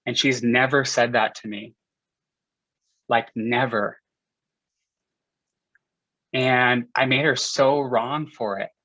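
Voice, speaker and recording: A young man with a medium-pitched, bright, forceful voice shares a personal story with a community group over a video call, candid and confessional. He speaks loosely, full of "like" and "you know"; the audio is dull lo-fi with no echo.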